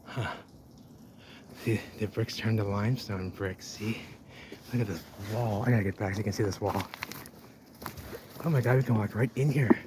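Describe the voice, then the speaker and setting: A man narrating as he walks through an old drained canal, talking excitedly to the camera. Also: fairly low pitch, normal speed, pauses often. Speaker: urban explorer vlogger. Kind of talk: handheld walking commentary. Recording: noisy outdoor ambience.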